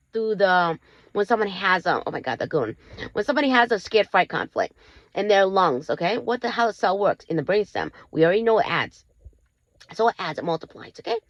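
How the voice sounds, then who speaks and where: A woman's voice: on the low side, no room sound, highs cut off. A woman host giving a casual health talk to her viewers, emphatic and full of rhetorical questions. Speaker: channel host.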